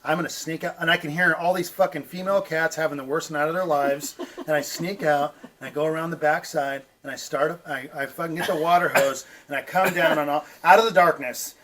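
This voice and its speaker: High-voiced man telling a rowdy story. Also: fairly quick, recorded from a distance, slight background noise. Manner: profane, animated, laughs while telling. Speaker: podcast host. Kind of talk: casual storytelling. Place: outdoor front porch.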